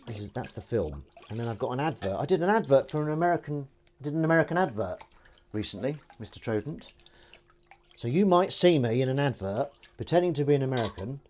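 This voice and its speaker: Rambling comedian, lively voice. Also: male voice, mid-range voice, slight background noise. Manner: rambling, self-deprecating, reads out chat comments. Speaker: comedian streaming live while washing up. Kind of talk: casual live-stream chat to viewers.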